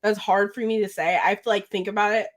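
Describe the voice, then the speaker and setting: A woman's voice: medium pitch, fairly even intonation, fast. Giggly rambling woman podcaster. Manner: giggly, rambling, trips over words. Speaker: podcast co-host. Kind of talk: casual chat.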